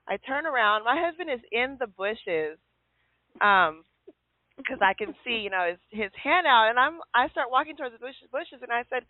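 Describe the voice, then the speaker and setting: A woman's voice: mid-range voice, brisk, dry recording. Woman host on a tinny phone line. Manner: lively storyteller who acts out quotes. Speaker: show host. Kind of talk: casual call-in radio chat.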